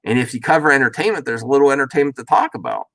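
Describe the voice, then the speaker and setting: Male reaction host, casual and rambling, animated pitch, dry close sound. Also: rapid-fire, vocal fry, no room sound. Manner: rambling, self-interrupting, chuckling asides. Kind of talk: casual commentary. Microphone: worn face mask while talking.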